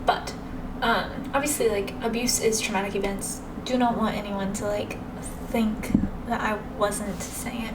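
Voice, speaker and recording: A woman's voice: medium pitch, steady tone, a little slow. A woman hosting a reaction video, giving casual, matter-of-fact, reflective commentary. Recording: distant mic with background noise.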